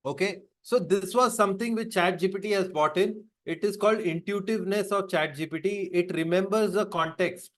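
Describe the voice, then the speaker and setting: A man's voice: sits high, brisk, hardly any pauses. A man instructor teaching a live webinar, repeating key phrases and checking in with "right?" and "okay" as he explains.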